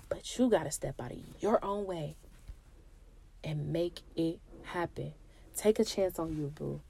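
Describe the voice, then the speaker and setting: Young woman podcast host, lowish voice, dry close mic, candid and emphatic. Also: darkish tone, dry recording. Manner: candid, emphatic, talks straight to listeners. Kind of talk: casual motivational monologue.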